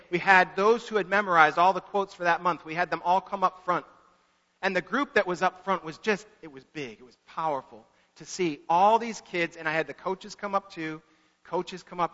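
A pastor preaching a sermon in an earnest manner, repeating words for emphasis. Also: male voice, a little high, pushed and bright. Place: church sanctuary. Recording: echoey church hall, dull lo-fi.

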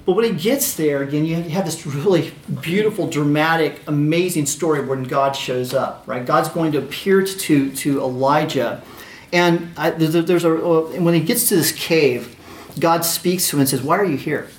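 A man's voice: on the high side, moderate pace, echoey room. A man preaching a sermon, reading scripture aloud and talking it over in a conversational way, with frequent "right?" asides and restarts.

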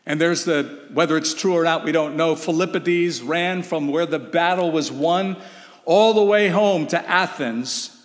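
A man's voice: a little high, unhurried. Fervent male preacher in a reverberant hall. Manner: rhetorical questions, emphatic and urgent. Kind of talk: sermon.

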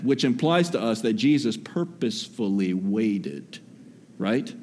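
A man preaching a sermon to his church, swinging between rising exhortation and hushed, low asides. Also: lively intonation, unhurried. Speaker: pastor. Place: church hall. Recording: long hall reverb.

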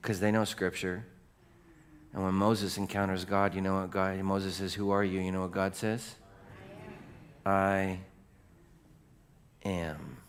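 A middle-aged male pastor preaching a sermon in a lively storytelling way, with casual conversational asides. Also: low voice, normal speed.

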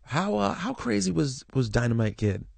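A man hosting a casual interview, asking quick, probing questions. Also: mid-range voice, big pitch swings, vocal fry, breathy edge, no room sound. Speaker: interview host.

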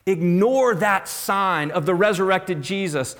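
Slow-preaching man in a reverberant hall. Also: mid-range voice, lively intonation. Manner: dramatic swings from loud emphasis to hushed whispers. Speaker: pastor. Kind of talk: sermon. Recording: long reverb of a large hall.

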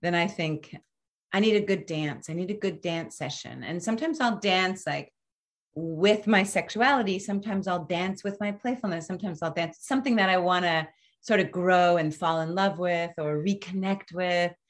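A woman in her fifties hosting a casual podcast conversation, reflective and animated, often trailing off and restarting. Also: on the low side, moderate pace.

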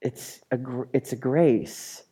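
A male pastor delivering a slow, unhurried sermon with a dark, mellow tone. He calls out to the congregation for responses and moves from loud, dramatic urging down to hushed, near-whispered lines. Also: mid-range voice, fairly even intonation, slightly rough.

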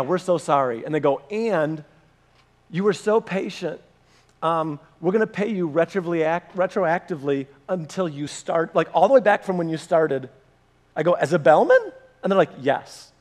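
A man's voice: on the high side, a little mellow. A man preaching a sermon, telling a personal story and acting out the dialogue. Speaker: pastor.

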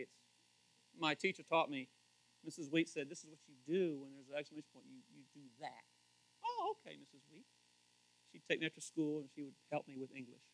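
Animated high-voiced man preaching a casual sermon. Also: dry recording, low-quality recording. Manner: conversational, animated, asks the audience questions. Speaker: pastor. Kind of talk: casual sermon, Bible teaching.

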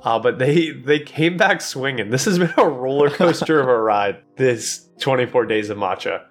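A man co-hosting a casual podcast, talking in an animated, joking way with frequent restarts and fillers. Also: mid-range voice, normal speed, faint music behind. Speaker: podcast co-host. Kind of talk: casual chat.

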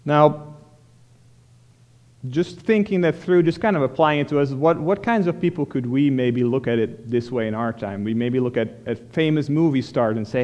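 A man's voice: medium pitch, normal speed, darkish tone. A man preaching a sermon, explaining a scripture passage verse by verse in a plain, conversational way with frequent restarts. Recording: long hall reverb.

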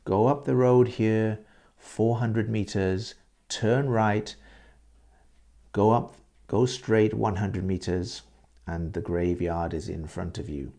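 A man's voice: fairly low pitch, slow pace, vocal fry, dark tone. A man quoting a matter-of-fact mother. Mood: helpful. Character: cautious mother giving directions.

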